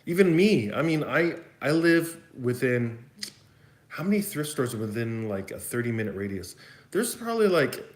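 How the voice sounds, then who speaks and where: Chatty West Coast Canadian man, echoey room. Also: mid-range voice. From Vancouver, Canada. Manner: rambling, chatty, thinks aloud. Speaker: YouTube host answering viewer questions. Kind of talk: casual livestream Q&A.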